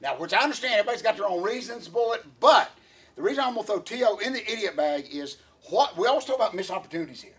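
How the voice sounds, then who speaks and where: A man's voice: high-pitched, expressive, rapid-fire, fairly bright tone, slightly rough. A man, co-hosting a casual podcast chat, rambling with lots of fillers and restarts. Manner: rambling, many fillers and restarts, laughs often. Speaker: podcast co-host.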